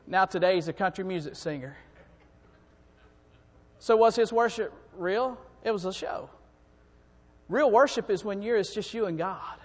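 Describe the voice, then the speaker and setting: Male preacher, very high voice, fervent sermon delivery, long hall reverb. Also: normal speed, long pauses. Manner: rising to fervent shouting peaks. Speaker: preacher and song director.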